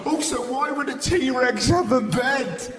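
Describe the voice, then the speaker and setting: A man with an English accent doing a live stand-up routine, telling stories in a cheeky, animated and sweary way in a large venue. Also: very high voice, takes it slowly, noisy background. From England. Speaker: stand-up comedian. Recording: echoey arena with loud crowd.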